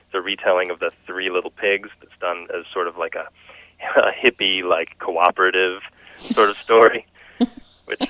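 Male guest, author type, easygoing and chuckly; low voice, dead-dry lo-fi sound. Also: normal speed, no room sound. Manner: relaxed, chuckling, thoughtful. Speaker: guest, children's book author and illustrator. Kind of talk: casual interview chat.

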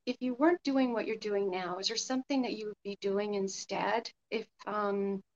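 A woman's voice: mid-range voice, fairly even intonation, normal speed, lo-fi sound. A woman interviewing a guest, encouraging her with frequent short affirmations. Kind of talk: casual interview.

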